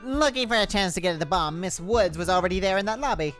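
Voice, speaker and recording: A man's voice: high voice, animated, fast, fairly bright tone, soft background music, pitched above the performer's own voice. A man voicing a sleazy, smug male bomb expert, his voice pushed back into the throat.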